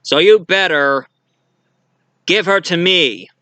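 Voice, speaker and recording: Man putting on gruff adventurer hero, blunt, altered timbre, bright edge. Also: high-pitched, takes it slowly, dry recording, exaggerated voice. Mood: demanding. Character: tough male adventurer hero demanding.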